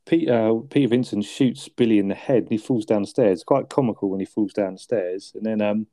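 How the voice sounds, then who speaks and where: Mellow low-voiced man chatting. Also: brisk, no echo. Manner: laughs often, asks for agreement. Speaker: podcast co-host. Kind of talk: casual film chat.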